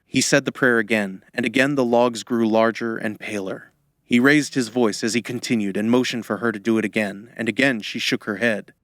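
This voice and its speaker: A man narrating a fantasy audiobook in a measured storytelling manner, close to the microphone. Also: mid-range voice, steady tone, fairly bright tone, dry recording. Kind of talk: scripted narration.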